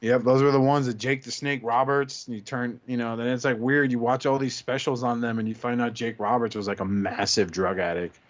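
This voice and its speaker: A man's voice: medium pitch, steady tone, brisk, hardly any pauses, highs cut off. A man co-hosting a casual podcast, telling rambling stories with lots of restarts. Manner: rambling storyteller, many restarts. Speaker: podcast co-host. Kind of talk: casual chat.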